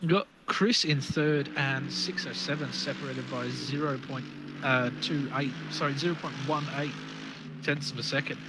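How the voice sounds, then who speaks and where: Young aussie guy calling a sim race, cheeky banter, mid pitch, noisy stream mic. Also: fairly even intonation. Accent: Australian. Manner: joking, quick banter. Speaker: race commentator. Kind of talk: live sim racing commentary.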